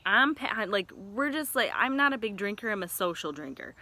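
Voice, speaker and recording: A woman in her thirties from Michigan, telling a story in a casual vlog with chatty, excitable rambling and frequent self-corrections. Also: medium pitch, normal speed. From Michigan, USA. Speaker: vlogger.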